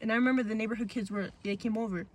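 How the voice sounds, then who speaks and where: Young woman podcast host, slightly high voice, slangy casual storyteller. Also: fairly even intonation, rapid-fire. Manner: chatty, heavy on "like" and "bro", acts out quotes.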